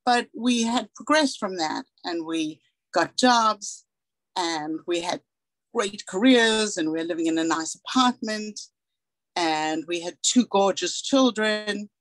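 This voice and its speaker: A South African woman in her forties speaks in a lowish voice as a guest speaker, giving a candid and earnest personal talk. She acts out the dialogue she remembers. The recording is rough but has no echo.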